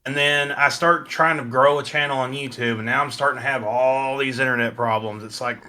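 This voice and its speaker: An easygoing man guests on a casual podcast and rambles through complaints with crude jokes. His voice is bright and forceful, with a plain middle pitch. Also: steady tone, brisk, slight background noise. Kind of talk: casual chat.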